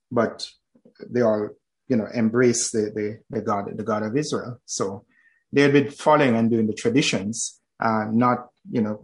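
A man leading a group bible discussion, speaking in a calm, affirming way. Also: fairly low pitch, rough recording.

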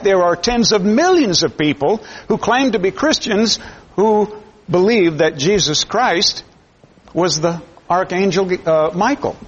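A man's voice: fairly high pitch, breathy edge. Emphatic male preacher, lo-fi recording. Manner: emphatic, repeats words while building points. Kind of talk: sermon. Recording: dull lo-fi sermon recording.

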